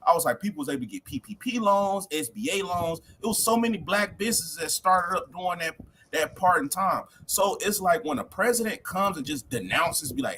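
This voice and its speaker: A young man co-hosting a podcast, talking in animated slang and acting out quotes in voices during a heated casual chat. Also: high-pitched, fairly quick, a little hiss or hum. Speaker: podcast co-host.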